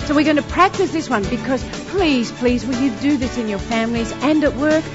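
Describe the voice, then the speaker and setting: A woman giving an exuberant motivational keynote on stage, throwing in loud cheers. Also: high-pitched, a little fast, in a large hall, highs cut off, music in the background. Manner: exuberant, shouts ta-da. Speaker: motivational speaker.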